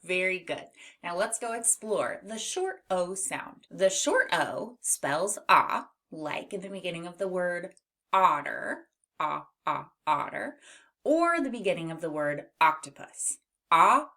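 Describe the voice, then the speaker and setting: Woman, phonics teacher, young learners, lowish voice, animated pitch, stretched-out sounds. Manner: slow, exaggerated sound modeling. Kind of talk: children's phonics lesson.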